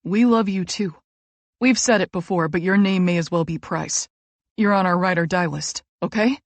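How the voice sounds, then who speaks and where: A woman narrating an audiobook, voicing a blunt, fiercely loyal young man who swears freely and turns gentle when comforting a friend. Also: fairly low pitch, normal speed, no echo, natural voice. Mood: soothing. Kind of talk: audiobook character reading.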